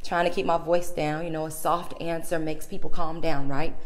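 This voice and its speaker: A woman's voice: deep voice, flat delivery, moderate pace. A woman podcast host telling a personal story in a casual, chatty way, talking straight to her listeners. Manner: chatty, addresses listeners directly.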